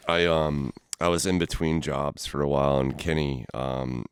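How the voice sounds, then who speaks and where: A man hosting an interview, telling stories in a loose, profane, animated way. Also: rumbling low, measured pace, smooth, no room sound, studio quality. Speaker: interview host. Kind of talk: casual conversation.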